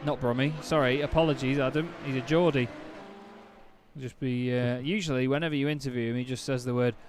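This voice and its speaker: A man doing play-by-play commentary on a sim race, chatty and quick to correct himself, getting excited at incidents. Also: medium pitch, noisy background.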